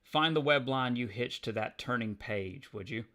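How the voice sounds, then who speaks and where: A man voicing a brooding, cocky young superpowered man in a low, muttered delivery. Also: normal speed, a bit bright, close to an everyday voice.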